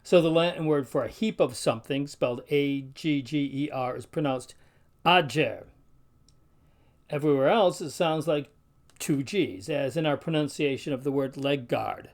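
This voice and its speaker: A man teaching pronunciation in an instructional video, speaking carefully and slowly sounding out example words. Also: on the high side, darkish tone. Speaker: Latin teacher.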